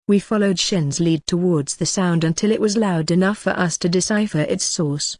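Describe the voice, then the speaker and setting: An audiobook narrator giving a steady, even scripted reading of a fantasy novel. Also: mid-range voice, normal speed, hardly any pauses, no room sound, clean studio sound.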